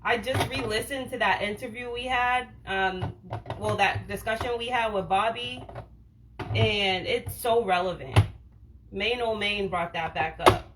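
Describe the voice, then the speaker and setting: A woman from Boston talks straight to her viewers in a loose, slangy livestream chat, peppering everything with "like" and dropping the occasional swear. Her voice sits at an ordinary middle pitch. A faint noise hangs behind her, as from a phone mic in a home kitchen. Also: a little slow. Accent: Boston, without the stereotypical broad vowels. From Boston, USA. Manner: frank and slangy, many "like"s, swears casually. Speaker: wellness livestream host. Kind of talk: casual livestream chat answering viewer comments.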